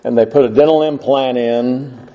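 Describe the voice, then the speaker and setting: A man's voice: medium pitch, steady tone, normal speed, mellow, muffled recording. A man preaching a sermon and reading scripture aloud, with an occasional slight lisp and a plain, self-deprecating way of talking. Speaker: pastor.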